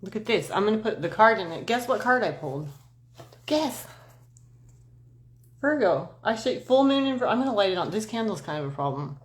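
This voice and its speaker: Her medium-pitched voice is sing-song and fairly quick, broken by long pauses, with background noise behind it. This woman in her forties livestreams astrology talk from home, rambling to viewers on camera in a scattered, self-deprecating manner and swearing often.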